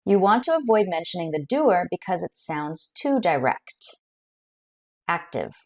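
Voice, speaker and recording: A woman teaching an English grammar lesson, explaining clearly and carefully with example sentences. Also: lowish voice, darkish tone.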